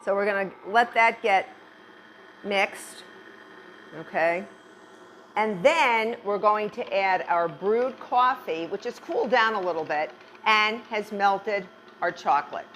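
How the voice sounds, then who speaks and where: A middle-aged woman chef demonstrates a recipe in a chatty, reassuring way. She keeps telling viewers not to worry and repeats words for emphasis. Her voice sits in a middle pitch, with a faint hum of noise in the background. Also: slow pace, a bit bright. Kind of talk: cooking demonstration.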